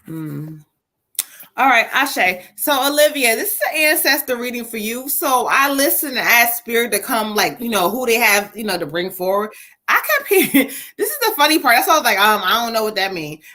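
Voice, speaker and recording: A woman with a bright, fairly high voice reads tarot cards live for a viewer. She speaks casually, slipping into slang and murmuring to the spirits as she waits for messages. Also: expressive. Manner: casual, slangy, talks aloud to spirits between long pauses. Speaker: tarot reader and spiritual medium. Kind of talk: live-streamed tarot reading.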